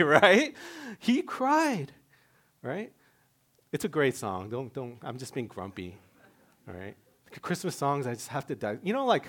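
A man preaching a sermon in a lively, conversational way, with self-mocking humor, sudden loud rises and soft drops. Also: high-pitched, measured pace. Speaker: pastor.

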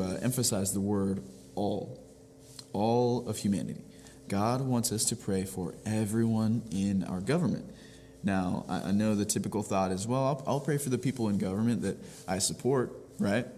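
A low-voiced man leads a devotional teaching in an earnest, step-by-step way, circling back over his points. His voice carries a long reverb, with faint room ambience behind him. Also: dark tone, a little hiss or hum. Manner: earnest, explains step by step with frequent restarts. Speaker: pastor.

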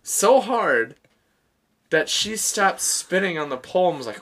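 A man's voice: sits high, very animated, measured pace, a bit bright. A man in his thirties casually telling a long story, laughing often and swearing freely.

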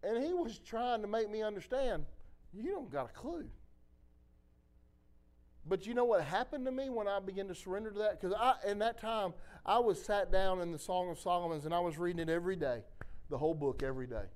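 A preacher delivering an impassioned sermon, swinging between loud exhortation and quiet storytelling. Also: male voice, high-pitched, fast talker. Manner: impassioned, rising and falling.

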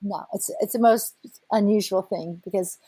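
A middle-aged woman, a whale researcher, telling an animated story, laughing often and acting out voices. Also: mid-range voice, moderate pace, slightly rough, no room sound. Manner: lively, excited, laughs often, acts out quoted voices. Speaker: whale researcher and boat operator.

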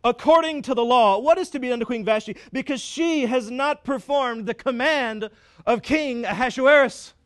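A self-important king, put on by a preacher, booms his demands in a high, indignant voice. He declares his control with pompous weight, loud and swelling. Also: normal speed.

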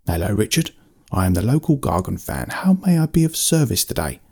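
A man voicing a gruff, grumpy ancient forest creature who hates losing, in a bedtime storybook. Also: lowish voice, sing-song, brisk, a little mellow, heavily acted. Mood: polite. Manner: gruff, blustering, easily annoyed. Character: grumpy ancient male forest fighting creature, sore loser.

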